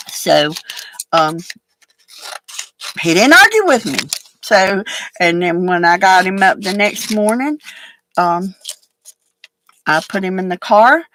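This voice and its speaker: Slow woman telling a story. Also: lowish voice, fairly bright tone, slight background noise, low-quality recording. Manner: slow, rambling, halting with many fillers. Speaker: crafter sharing a personal story. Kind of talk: casual storytelling while crafting.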